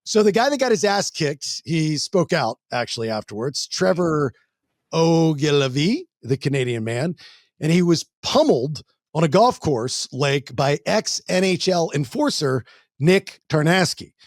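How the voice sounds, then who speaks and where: Blunt, animated male podcast host. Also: a little high, unhurried, dry recording, studio quality. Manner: blunt, animated storytelling with mock voices. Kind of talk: casual chat.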